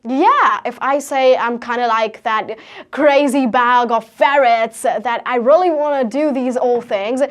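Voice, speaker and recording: Teen girl, Indian English accent, high voice, energetic motivational storyteller. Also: measured pace. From Haryana, India. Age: teens. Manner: energetic storytelling with rhetorical questions. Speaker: guest speaker. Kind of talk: motivational talk.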